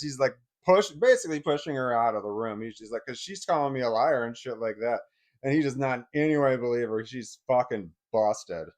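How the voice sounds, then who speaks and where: A middle-aged man telling a personal story in a blunt, heavily profane way, swinging between anger and quiet bitterness. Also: mid-range voice, fairly quick.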